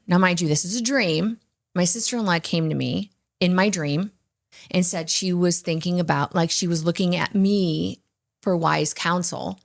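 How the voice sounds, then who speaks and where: A woman's voice: fairly low pitch, creaky. A woman co-hosting a faith podcast, telling personal stories in an earnest, emphatic way. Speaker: podcast co-host. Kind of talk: candid faith talk.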